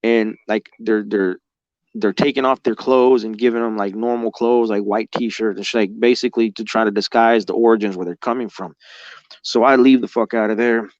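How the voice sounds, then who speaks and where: Low-voiced man swearing through a story. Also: steady tone, normal speed, dry recording, lo-fi sound. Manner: heavy swearing, rambling, emotional, with lots of fillers like "like". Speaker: guest recounting experiences. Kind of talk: casual spoken storytelling.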